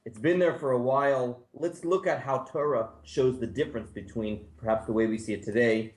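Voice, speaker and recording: A man's voice: mid-range voice, fairly quick. Man, rabbi, classroom lecture, conversational, thinks aloud, echoey room.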